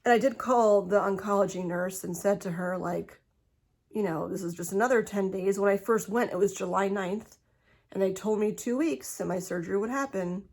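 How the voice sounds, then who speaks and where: Woman, middle-aged, casual home vlog, phone mic, chatty, laughs often, middle pitch. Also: normal speed, darkish tone. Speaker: vlogger. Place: home, indoors.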